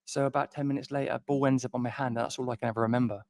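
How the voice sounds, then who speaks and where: A man's voice: mid-range voice, fairly even intonation, very fast, darkish tone, dry recording, clean studio sound. A man co-hosting a podcast, telling a long self-deprecating story in a rambling way with many restarts. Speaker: podcast co-host. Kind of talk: casual storytelling chat.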